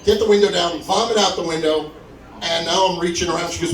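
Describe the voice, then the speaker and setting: A man's voice: fast talker, over music. A man telling a stand-up story at a comedy club open mic, acting out the people he quotes with big jumps in his voice. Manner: animated, acts out quotes with big pitch jumps. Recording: echoey room, mic from far, crowd audible. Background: audience laughing.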